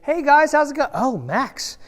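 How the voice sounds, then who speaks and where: Animated pastor telling kids a story. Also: male voice, very high voice, a little slow. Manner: playful and animated, questions the kids and acts out voices. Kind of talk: lively children's sermon with audience participation. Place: large church hall. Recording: long church hall reverb.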